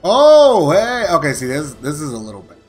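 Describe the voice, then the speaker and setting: A man's voice: a little high, wildly swooping pitch, normal speed, a little mellow, faint music behind. A young man commentating on a video game, swearing a lot and hamming up a mock mobster persona. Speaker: gaming streamer. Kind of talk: casual gameplay commentary.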